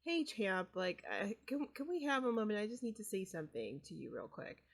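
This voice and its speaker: A woman's voice: mid-range voice, huge pitch swings, brisk. Woman voicing a hesitant sim dad. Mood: earnest. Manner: hesitant, stammering. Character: caring middle-aged father, sheepish and confessing.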